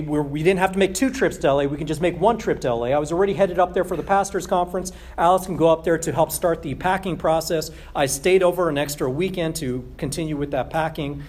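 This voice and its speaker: A man preaching a sermon as a pastor, emphatic and repeating key phrases, slowing down on scripture quotes. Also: fairly high pitch, darkish tone.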